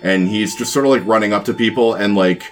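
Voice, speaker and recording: A man with a low voice runs a tabletop game, describing scenes in a loose, rambling way full of fillers. Faint music plays behind him. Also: fast talker, a bit bright. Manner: rambling, many fillers and restarts. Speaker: game master.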